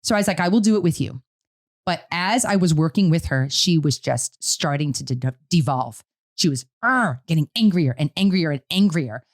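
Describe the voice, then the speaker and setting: A middle-aged woman co-hosting a casual parenting talk, telling a family story in an animated way and acting out what she said. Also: deep voice, normal speed. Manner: animated storytelling, quotes her own words. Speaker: podcast co-host.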